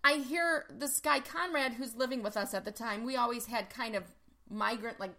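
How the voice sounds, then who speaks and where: Chatty, bright-voiced woman telling stories. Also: fairly high pitch, normal speed, creaky. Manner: animated storyteller, lots of "like" fillers. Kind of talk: casual chat.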